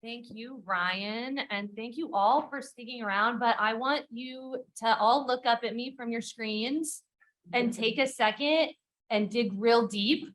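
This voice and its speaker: A woman moderating a conference panel, speaking in a direct, energetic, conversational way. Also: on the high side, unhurried, low-quality recording. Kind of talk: conference talk. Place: lecture hall.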